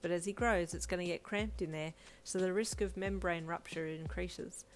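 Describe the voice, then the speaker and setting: A blunt male doctor who explains things clinically, with no sugarcoating, read by a woman. The delivery stays low and businesslike throughout. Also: fairly even intonation, moderate pace, a little hiss or hum, close to an everyday voice. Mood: matter-of-fact.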